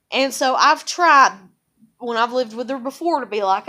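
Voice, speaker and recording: A woman's voice: fairly high pitch, moderate pace, bright, forceful tone. A woman venting angrily to the camera, repeating herself and swearing heavily. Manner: angry, repetitive, swears heavily. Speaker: vlogger. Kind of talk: profane venting monologue.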